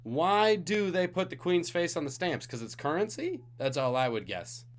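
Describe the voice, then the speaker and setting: A man's voice: fairly high pitch, very animated, moderate pace. A tired man hosting a live-streamed trivia game, reading out questions and joking with the chat between them. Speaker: trivia host.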